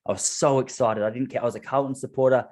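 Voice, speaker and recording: Australian male podcast host, casual and animated, mid-pitched. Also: quick pace. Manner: animated storyteller, laughs often. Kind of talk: casual chat.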